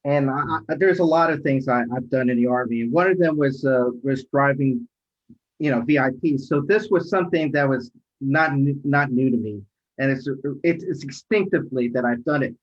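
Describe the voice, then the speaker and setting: A middle-aged man, a rideshare driver, telling a story in casual chat, animated and acting out quoted voices. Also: medium pitch, normal speed. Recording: dull lo-fi audio.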